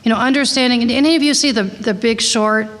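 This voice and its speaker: A woman's voice: fairly high pitch, fast, a bit bright. A woman giving a conversational slide presentation to a conference audience, candid and chatty, with frequent fillers and asides. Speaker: conference presenter on drug costs. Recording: long hall reverb.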